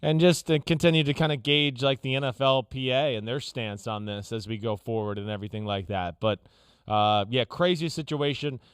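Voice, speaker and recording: A man's voice: medium pitch, normal speed, clear, resonant tone, dry recording, studio quality. A man co-hosting a sports talk show, talking casually with lots of fillers and restarts. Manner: casual, rambling, many fillers. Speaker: co-host, former player analyst.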